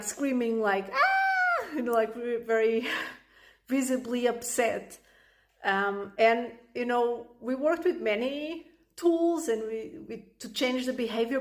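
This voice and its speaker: Chatty woman parenting coach, fairly high voice. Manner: chatty, many "like" and "right?" fillers. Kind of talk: casual explanatory talk to camera.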